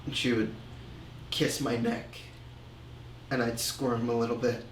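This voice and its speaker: An actor playing a remorseful man confessing his drinking and insecurity, telling it slowly and haltingly in a film monologue. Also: mid-range voice, little pitch movement, a little hiss or hum, lightly acted. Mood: reflective. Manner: slow, halting, reflective storytelling. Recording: roomy echo.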